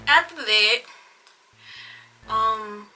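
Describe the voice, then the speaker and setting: An eighteen-year-old woman telling a personal story to her viewers in a casual, expressive, drawn-out way. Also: fairly high pitch. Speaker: vlogger.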